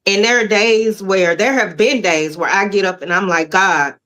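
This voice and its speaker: A woman co-hosts a talk show with feeling in her voice. She presses her points hard and keeps calling out to the audience. Her voice sits at an ordinary middle pitch. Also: moderate pace, a bit bright. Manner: emotional, emphatic, addresses listeners directly. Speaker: radio show co-host. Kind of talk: casual talk show discussion.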